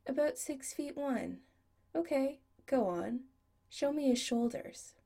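A woman's voice: high-pitched, expressive, takes it slowly, mellow, pitched above the performer's own voice, heavily acted. A woman voicing a flamboyant male goth punk shop owner who teases and bosses his friend fondly. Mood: bossy. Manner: fond and bossy teasing.

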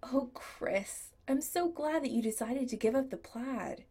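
Flamboyant teasing store owner man, voiced by a woman, bossy and fond, warm and lively. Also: high voice, a little slow, husky, pitched above the performer's own voice, full character voice. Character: flamboyant, teasing male goth punk shop owner.

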